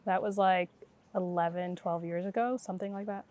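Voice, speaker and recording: A fairly low-pitched, middle-aged woman, a guest intuitive, tells her story conversationally at a moderate pace in a dry recording. She's animated and voices the people who appear in her account.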